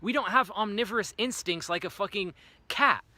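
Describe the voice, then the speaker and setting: A young man ranting to camera about his diet, profane and animated, acting out imagined voices along the way. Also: high-pitched, normal speed, no room sound. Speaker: vlogger. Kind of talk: profane opinion rant to camera.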